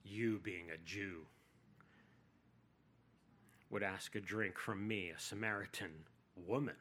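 A man's voice: fairly low pitch, normal speed, sharp tone, slightly rough, voice pushed down. A man voicing a sarcastic, defensive Samaritan woman at a well, in a sermon retelling. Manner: snarky, defensive.

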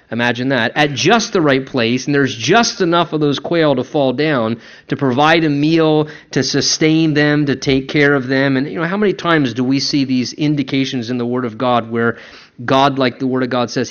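A man's voice: medium pitch, normal speed, fairly bright tone. A man preaching a conversational sermon as a pastor, acting out quoted voices as he goes. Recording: dull lo-fi recording.

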